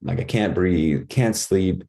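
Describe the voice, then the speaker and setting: A man's voice: low voice, takes it slowly, warm tone. A man guest on a podcast, telling his life story in a candid, rambling way with many fillers and restarts. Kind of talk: casual storytelling.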